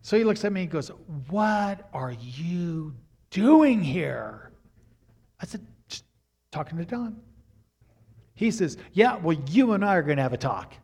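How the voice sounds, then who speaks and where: An older man in his sixties preaches, his voice sitting a little high for a man. He tells stories in an animated way and often climbs into loud, excited bursts before dropping back down. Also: fairly quick, pauses often. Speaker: pastor. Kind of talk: sermon storytelling.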